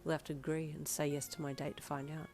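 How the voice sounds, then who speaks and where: A woman putting on a sly, low-voiced young man. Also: flat delivery, fast, soft background music. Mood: teasing. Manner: low, hushed, teasing delivery.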